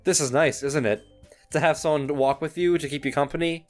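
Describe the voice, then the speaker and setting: A man reading a gentle, teasing schoolgirl. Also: a little high, fairly even intonation, brisk, soft background music, natural voice. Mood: soft teasing. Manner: gentle, reassuring, a little teasing. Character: poised, caring teenage schoolgirl club president. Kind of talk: game dialogue read aloud.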